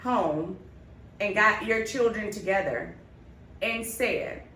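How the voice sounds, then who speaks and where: A woman's voice: mid-range voice, takes it slowly, a bit bright. A woman co-hosting a podcast, telling a family story in casual chat and acting out the quoted lines. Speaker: podcast co-host. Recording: roomy, distant mic, faint noise.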